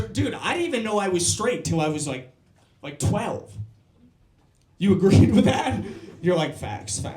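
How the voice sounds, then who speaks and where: A man's voice: sits high, darkish tone. A man doing a crude, brash stand-up set with crowd work on a club stage. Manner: brash, crude, quick jokes. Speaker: stand-up comedian. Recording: roomy club sound.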